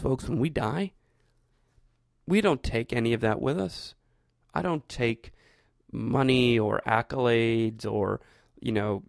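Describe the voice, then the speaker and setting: A man's voice: mid-range voice, creaky, no echo, clean studio sound. A man hosting a show, talking through his thoughts in a rambling, reflective monologue with frequent restarts. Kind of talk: casual monologue.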